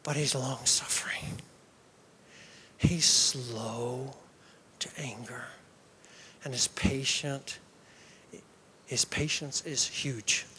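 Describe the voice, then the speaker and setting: A man preaching a sermon, telling the story in an animated way. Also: medium pitch, very slow, pauses often, slight background noise.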